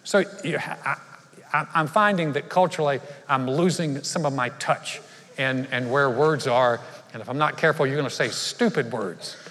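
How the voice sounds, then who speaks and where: A man's voice: mid-range voice, normal speed, a bit bright. A man, a pastor giving a conversational, humorous sermon in a large church. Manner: conversational storytelling with humor and asides. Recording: live church hall reverb.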